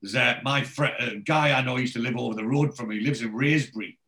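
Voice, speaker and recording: A man's voice: medium pitch, steady tone, fast, creaky, pushed and bright. A man with a rambling, chatty manner, casually recapping a TV episode as a podcast co-host.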